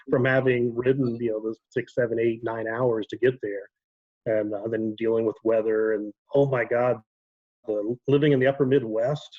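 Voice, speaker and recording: A man with an Ohio accent tells stories at an easy pace and often stops to fill with an um or fix a word. His voice sits in a middle pitch. The sound is a bit dull and lo-fi, as on a video call. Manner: relaxed storytelling with frequent ums and self-corrections. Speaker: guest. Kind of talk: casual video-call chat.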